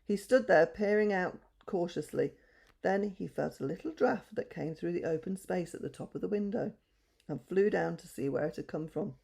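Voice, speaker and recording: Gentle woman storyteller, husky and low, reading to children. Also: expressive, normal speed.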